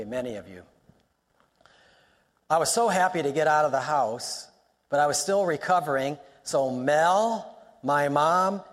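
A male pastor preaching a sermon, emphatic, repeating lines for stress and weaving in personal stories. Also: fairly high pitch. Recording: long reverb of a large hall.

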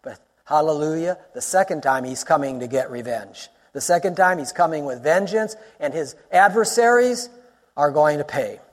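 A man preaching a sermon as a pastor, in an animated teaching style with quick asides and rising exclamations. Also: a little high, in a large hall.

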